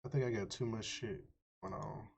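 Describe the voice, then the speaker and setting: A man streaming live, chatting casually with his viewers, animated and swearing freely as he reacts to a video. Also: fairly low pitch, normal speed, gravelly. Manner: animated, swearing, talks to chat. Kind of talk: casual chat. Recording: dull lo-fi stream audio.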